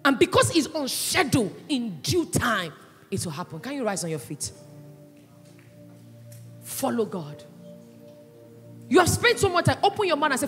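A woman pastor preaching a sermon with passion, swinging between loud cries and hushed asides. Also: a little high, sing-song, moderate pace, pauses often. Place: church hall. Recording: echoey church hall, with faint music.

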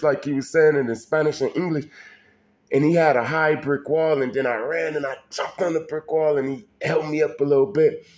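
A man's voice: on the high side, a little mellow. A man telling a personal story in a casual, colloquial way, speaking straight to the listener and often restarting his sentences. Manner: colloquial, addresses listener directly, frequent restarts.

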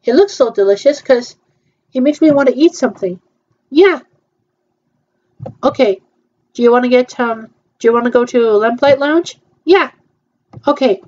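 A woman's voice: high voice, normal speed, long pauses, darkish tone, lo-fi sound. A woman chatting casually through a virtual theme-park tour, hesitant and playful, with frequent ums.

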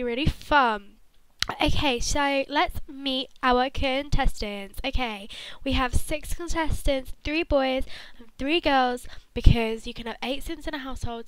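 High, smooth-voiced woman gaming vlogger. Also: no echo, low-quality recording. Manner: chatty, jokey, flustered asides. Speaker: gaming channel host. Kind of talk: casual gameplay commentary.

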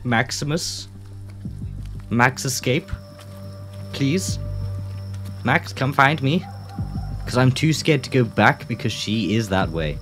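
Slow-talking nervous gamer. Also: male voice, medium pitch. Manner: nervous, joking self-talk. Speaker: gaming channel host. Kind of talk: let's-play commentary. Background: game music.

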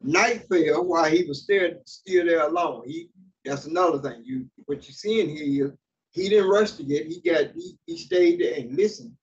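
A pastor with a fairly high, sing-song voice preaches at a moderate pace in a church sanctuary. He reads scripture aloud and often pauses to explain it, with fillers and restarts along the way. The recording is dull and distant, with a faint hiss.

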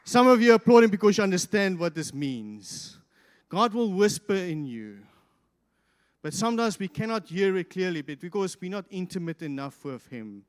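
A man preaching a sermon as pastor, swinging from loud, impassioned peaks to quiet asides. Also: high voice, sing-song, moderate pace, smooth. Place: church hall. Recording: reverberant church hall.

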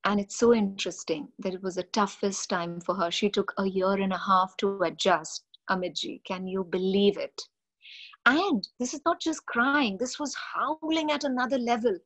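A middle-aged woman, a mindfulness coach giving an animated, expressive webinar talk on parenting. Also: mid-range voice, moderate pace. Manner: expressive, animated storytelling with acted-out quotes.

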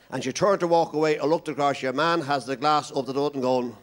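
An Irish man doing a stand-up comedy routine, telling rapid jokes with deadpan punchlines. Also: fairly high pitch. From Ireland. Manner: quick-fire joke patter with deadpan punchlines.

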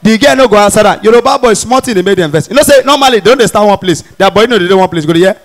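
A young man doing stand-up comedy with a Nigerian Pidgin accent, animated and playing characters as he tells his jokes. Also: sits high, rapid-fire. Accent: Nigerian Pidgin English. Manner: animated, mimics characters, shifts between Pidgin and Yoruba. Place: stage in front of a live audience.

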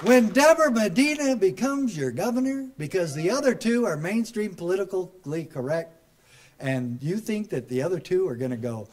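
A man's voice: sits high, expressive, normal speed. Folksy, fiery middle-aged man at a rally. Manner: folksy, joking, building to loud emphatic punchlines. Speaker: speaker at a political rally. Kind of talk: rally speech. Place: rally crowd, live address.

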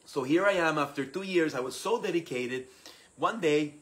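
Animated man telling his story. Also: a little high, moderate pace, rough recording. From Costa Rica. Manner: animated, acts out quoted voices, laughs often. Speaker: speaker sharing his personal story. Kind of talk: personal storytelling talk.

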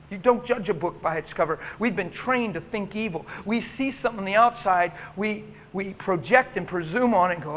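A man preaching a sermon, telling stories with passion and swinging from hushed to loud. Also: sits high, brisk, hardly any pauses, long reverb tail, a little hiss or hum. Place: church hall.

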